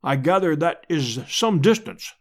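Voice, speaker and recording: A man voicing a pompous elderly professor who speaks formally and loudly. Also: on the high side, animated, measured pace.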